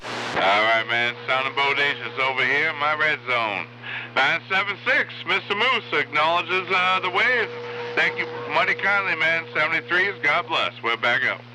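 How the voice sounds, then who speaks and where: A man from Massachusetts speaks politely over CB radio, in a somewhat high voice and with formal radio phrases. The signal carries a clear hiss of static. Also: lively intonation, moderate pace. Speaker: CB radio operator. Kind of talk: casual CB radio chatter.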